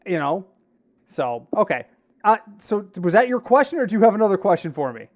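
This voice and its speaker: A man's voice: high-pitched, very animated, brisk. A man co-hosting a podcast in casual chat, telling stories and acting out the lines of the people in them. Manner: storytelling, acts out quoted dialogue. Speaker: podcast co-host.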